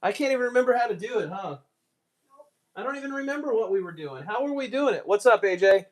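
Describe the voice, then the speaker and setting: A man's voice: very high-pitched, lively intonation, fast. An American man chatting casually on a live stream, muttering asides and mocking himself as he goes. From United States. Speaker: streamer, card collector.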